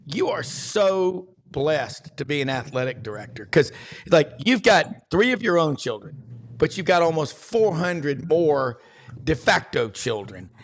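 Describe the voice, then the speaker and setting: A sports talk host who spins folksy, rambling stories in an easy conversational way. His voice sits a bit higher than most men's. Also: big pitch swings, measured pace. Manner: folksy storyteller, rambling anecdotes.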